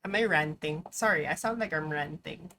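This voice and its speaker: A woman's voice: low-pitched, moderate pace, pushed and bright, slight background noise. A young adult woman streaming live, chatting casually over gameplay, rambling, swearing freely and breaking into sudden outbursts.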